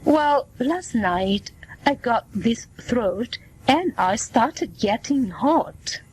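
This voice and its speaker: Sick guy patient in a learner dialogue, read by a woman, slow and breathy, kinda high. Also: animated, darkish tone, exaggerated voice, poor audio. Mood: plain. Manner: slow, plain reading voice. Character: middle-aged man with a cold, chatty patient.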